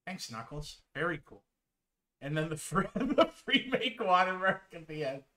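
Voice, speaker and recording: A man's voice: sits high, very animated, normal speed, pushed and bright. A young man casually commenting on videos as a streamer, laid-back, swearing and laughing often.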